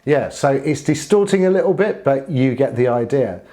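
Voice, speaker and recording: A man's voice: mid-range voice, expressive, normal speed, mellow. A man teaching saxophone in a casual spoken tutorial, friendly and earnest, sometimes growling gritty sounds to demonstrate.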